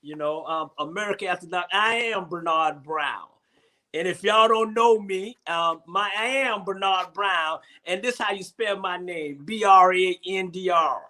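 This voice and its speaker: A man's voice: sits high, measured pace, pushed and bright. A man hosting a casual comedic chat show, rambling and repeating himself. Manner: rambling, repeats himself, Southern Black vernacular. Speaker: host.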